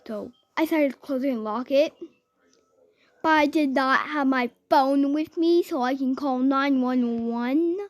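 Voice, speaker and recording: Brief: woman, high voice, slow rambling scary-story teller. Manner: rambling, lots of "I was like" quoting. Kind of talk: improvised scary story telling.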